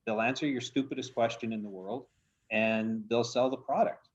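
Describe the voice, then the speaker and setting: A man's voice: mid-range voice, steady tone, moderate pace, lo-fi sound. A man co-hosting a casual panel chat, rambling and chuckling as he makes his points. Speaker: co-host.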